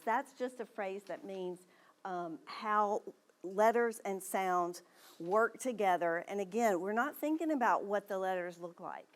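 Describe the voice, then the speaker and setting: A woman giving an early literacy presentation to parents in a library meeting room. She explains patiently and models letter sounds aloud. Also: medium pitch.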